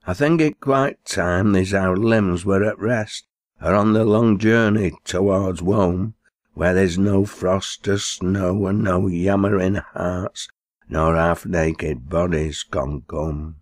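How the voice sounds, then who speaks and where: A man's voice: low-pitched, steady tone, takes it slowly, no echo, clean studio sound. A man with a Lancashire accent reciting dialect poems, lifting his voice for the quoted characters. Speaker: poetry reader.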